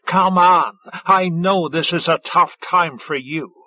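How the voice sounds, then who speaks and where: A woman's voice: fairly low pitch, takes it slowly, sharp tone, no room sound, highs cut off, heavily acted. A man voicing a cool, crude, ironic woman. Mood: placating. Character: cool, sardonic adult woman lover.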